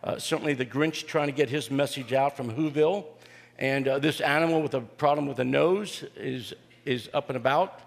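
An older man, a pastor, preaching a sermon and telling family stories in a folksy, joking way, often pausing on "uh". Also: medium pitch, creaky. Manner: folksy and joking, with frequent "uh" fillers. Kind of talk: sermon with personal storytelling. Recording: long reverb of a large hall.

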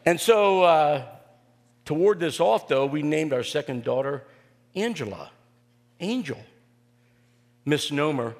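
An older man, a pastor, preaching a sermon and telling family stories in a folksy, joking way, often pausing on "uh". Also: on the high side, animated. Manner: folksy and joking, with frequent "uh" fillers. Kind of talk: sermon with personal storytelling. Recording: long reverb of a large hall.

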